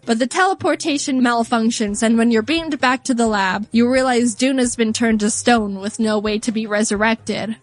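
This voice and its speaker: High-voiced sarcastic woman recapping a game. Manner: sarcastic, joking. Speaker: game reviewer. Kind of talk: comedic game recap commentary.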